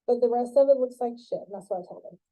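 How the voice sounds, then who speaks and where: A woman's voice: a little high, fast, warm tone, low-quality recording. A woman teaching a college web design class in a chatty, joking way, acting out both sides of conversations in her stories. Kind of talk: classroom lecture with storytelling.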